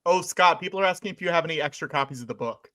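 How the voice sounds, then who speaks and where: A man's voice: on the high side, racing, sharp tone. A man on a charity livestream, calling out auction bids and playing along with the jokes. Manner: plays along good-naturedly, calls auction bids. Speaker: auction runner and co-host. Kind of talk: casual livestream banter.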